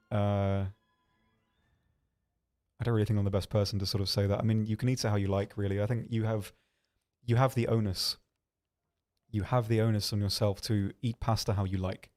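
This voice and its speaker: A man hosting a livestream, answering viewer questions in a hesitant, rambling way with dry, deadpan humor. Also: lowish voice, moderate pace, long pauses. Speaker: livestream host.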